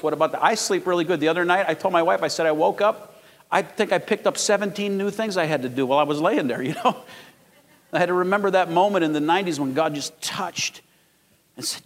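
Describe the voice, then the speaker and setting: A man in his fifties preaching a sermon as pastor, telling stories and rising to loud, emphatic peaks. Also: on the high side. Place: large church sanctuary. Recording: long hall reverb.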